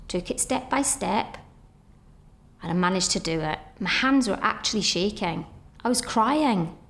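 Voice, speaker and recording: A middle-aged woman telling her own story earnestly, often voicing her past thoughts as quotes. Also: on the high side. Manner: earnest, reliving moments in inner-voice quotes. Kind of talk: personal storytelling.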